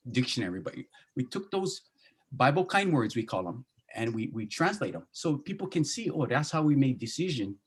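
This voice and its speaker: A pastor from Hawaii with a Hawaiian Pidgin accent, talking easygoingly in a casual panel discussion over a video call and slipping into Pidgin phrasing. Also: male voice, medium pitch, slightly rough. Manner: easygoing, slips into Pidgin phrasing, many restarts. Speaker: pastor and Bible translator.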